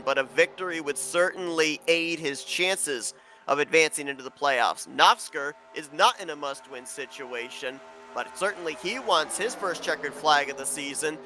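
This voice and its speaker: A man giving play-by-play commentary on an online sim race, steady and informative, building excitement as the racing gets close. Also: a little high, normal speed, slight background noise.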